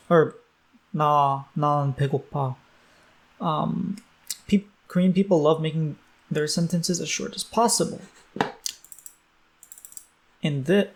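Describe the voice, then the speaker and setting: A man's voice: fairly high pitch, creaky. A young man teaching a language lesson in a casual, think-aloud way, with frequent fillers and self-corrections. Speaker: Korean language tutor.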